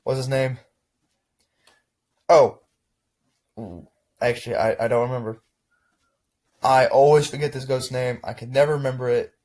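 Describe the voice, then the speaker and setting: A young man from Texas talking casually to camera, rambling and relaxed, with frequent restarts. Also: mid-range voice, normal speed, pauses often. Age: young adult. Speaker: vlogger. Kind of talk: casual reflective chat to camera.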